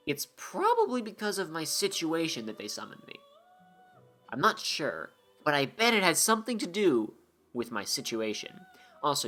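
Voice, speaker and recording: A man's voice: medium pitch, bright, forceful tone. Male let's-play commentator, jokey and sarcastic, reads the game text aloud and wanders off into asides, with faint music underneath. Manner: joking, sarcastic, rambling asides. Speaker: gameplay commentator.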